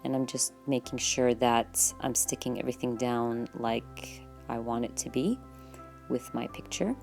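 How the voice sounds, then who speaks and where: A woman vlogger narrating her journaling process in a relaxed, chatty voice-over, full of fillers and quick self-corrections. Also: rumbling low.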